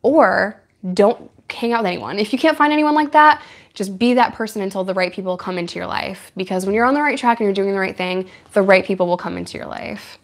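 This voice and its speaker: A woman's voice: medium pitch, a little fast. Chatty woman hosting a livestream. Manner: chatty, laughs often. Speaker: livestream host. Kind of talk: casual live chat with viewers.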